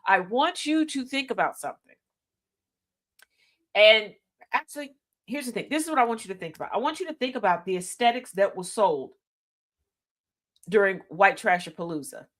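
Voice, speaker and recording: A woman's voice: mid-range voice, expressive, moderate pace, long pauses, fairly bright tone. Emphatic woman radio host. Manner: emphatic, addresses listeners directly with rhetorical questions; repeats key lines for emphasis. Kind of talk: opinionated commentary monologue.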